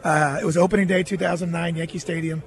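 A man's voice: on the high side, level tone, fast talker. A middle-aged man, a guest on a radio interview, earnestly telling a personal story and quoting other people in his own voice. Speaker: guest, former baseball catcher.

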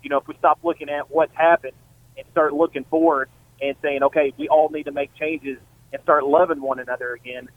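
A man's voice: a little high, steady tone, fairly quick. Male caller, plainspoken and hesitant, heard over a tinny phone line. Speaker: caller, truck driver. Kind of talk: phone-in call.

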